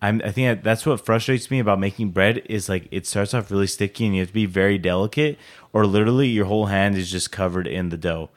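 A young man hosts a casual podcast chat in a fairly low voice. He rambles along with plenty of fillers and restarts. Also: quick pace. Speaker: podcast host.

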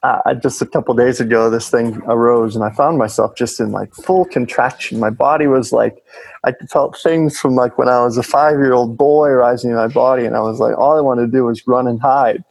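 A man's voice: mid-range voice, steady tone, moderate pace, gravelly, a little mellow, rough recording. A man talking earnestly and animatedly about inner work and relationships in a casual conversation, swearing now and then.

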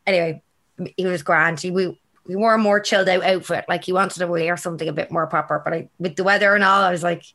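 Chatty, slightly raspy Irish woman. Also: on the low side, fairly even intonation, fast, fairly bright tone. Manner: chatty, rambling, laughs often. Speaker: podcast co-host. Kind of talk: casual chat.

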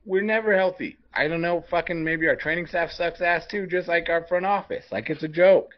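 A man's voice: on the high side, fairly quick. A man co-hosting a sports podcast, delivering a heated, profane rant. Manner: profane, fired-up ranting. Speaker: podcast co-host. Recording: dull lo-fi podcast audio.

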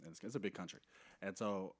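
Fast-talking young man. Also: deep voice, breathy edge. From Seattle area, USA. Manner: quick, animated storyteller who acts out voices in anecdotes. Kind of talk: casual chat.

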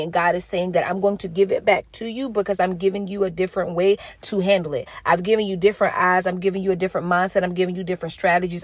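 Woman, 30s, mid-pitch, dry close sound; earnest, expressive testimony for her viewers. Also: no echo. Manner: earnest, preachy, talks straight to the audience; expressive, jumps into high pitch when quoting herself. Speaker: mother sharing a spiritual message. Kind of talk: casual spoken testimony to viewers.

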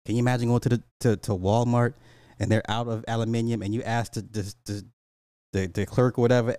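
A man from Illinois, a podcast host, ranting casually in a profane, laughing, animated way. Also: medium pitch, brisk, smooth, dry recording. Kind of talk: casual comedic rant.

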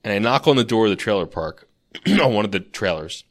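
A man's voice: lowish voice, very animated, brisk. A man co-hosting a podcast, casually telling a long dream story, full of "like" and restarts. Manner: rambling storyteller, lots of "like". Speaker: podcast co-host.

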